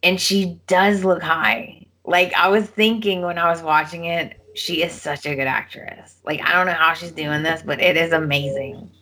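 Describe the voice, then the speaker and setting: A woman's voice: lowish voice, steady tone, normal speed, few pauses, pushed and bright, slightly rough. A woman co-hosting a podcast, casually recapping soap opera episodes and acting out the characters' lines. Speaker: podcast co-host.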